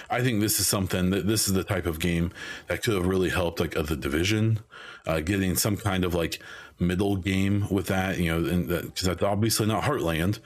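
A man with a very low voice talks through a solo podcast in loose, rambling chat, full of fillers and restarts. His voice is wearing thin as though he is losing it. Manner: rambling, many ums and restarts. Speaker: podcast host. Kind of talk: casual solo podcast talk.

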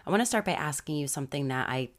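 A woman in her thirties from Florida, hosting a podcast in casual chat, her voice hoarse from being sick, swearing and laughing often. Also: deep voice, animated, racing. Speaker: podcast host and storyteller.

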